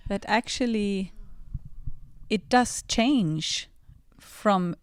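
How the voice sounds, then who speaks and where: Smooth-voiced woman on a discussion panel. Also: mid-range voice, extremely slow, no echo. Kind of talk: podium discussion.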